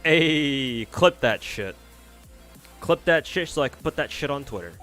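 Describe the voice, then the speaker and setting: Here the streamer's voice sits a little high, with lively intonation, an unhurried pace and a slightly bright tone. He talks to himself through the game, cursing freely in casual commentary while faint game music plays.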